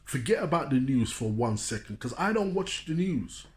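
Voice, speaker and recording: A man's voice: medium pitch, very animated, normal speed. A man from London with a London accent, giving a preachy motivational talk and repeating "you know what I'm saying". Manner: addresses listeners like a preacher. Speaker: street speaker.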